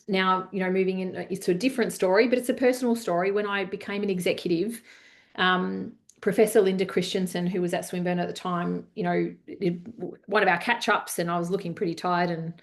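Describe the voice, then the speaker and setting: A woman, presenting a leadership masterclass and chatting her way through anecdotes with lots of fillers. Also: medium pitch. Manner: chatty, many fillers, animated retelling. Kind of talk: webinar talk with anecdotes.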